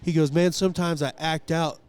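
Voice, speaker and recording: Man, podcast co-host, animated storyteller, joking, fairly high voice. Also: fairly quick, clean tone. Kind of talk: casual storytelling chat. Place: outdoors at a rodeo.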